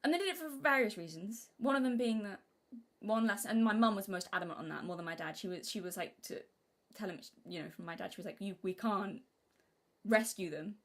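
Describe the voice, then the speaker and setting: A young British woman chats casually on a live stream, talking fast with hardly any pauses. She rambles, interrupts herself to restart sentences, and now and then mimics her childhood self in a high voice.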